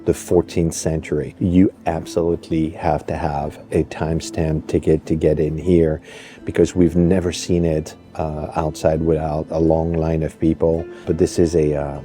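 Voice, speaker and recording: Deep, warm-voiced man vlogging sights. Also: level tone, normal speed, soft background music. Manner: enthusiastic, awed, with fillers. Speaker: travel vlogger. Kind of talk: casual travel vlog commentary.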